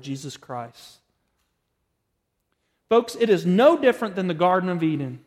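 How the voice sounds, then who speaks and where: Male pastor, high pitch, dramatic storytelling sermon, long hall echo. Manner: emphatic preaching with dramatic storytelling. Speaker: preacher. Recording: reverberant hall.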